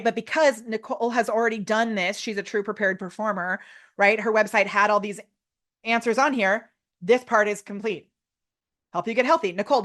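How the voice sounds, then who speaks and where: A woman presenting a live online workshop, talking in an excited, loud way and laughing often. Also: a little high.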